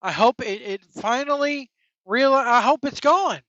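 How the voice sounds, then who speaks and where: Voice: sits high, a little slow, bright, forceful tone, no room sound. A wrestling podcast host on an angry, profane opinion rant, blunt and heated. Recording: dull lo-fi dry recording.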